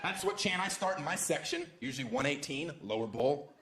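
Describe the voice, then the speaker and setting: A man's voice: on the high side, animated, brisk, slight background noise. A man from the United States doing a stand-up comedy set on stage, delivering sarcastic, provocative punchlines with sudden jumps into exaggerated voices. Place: stage in a large venue before a live audience. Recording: roomy live hall with loud crowd. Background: audience laughter and applause.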